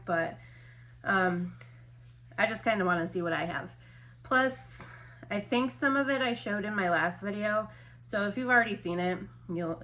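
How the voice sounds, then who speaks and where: A woman's voice: medium pitch, sharp tone. A young adult woman in casual chat, showing her handmade stock in a loose, rambling way with lots of fillers.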